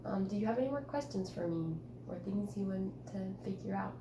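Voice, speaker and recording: Woman, teacher, one-on-one writing feedback, patient and encouraging, lively intonation, echoey room. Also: mid-range voice, fairly quick, background noise. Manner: encouraging, patient, coaxing questions. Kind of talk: one-on-one writing conference with a student. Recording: roomy echo.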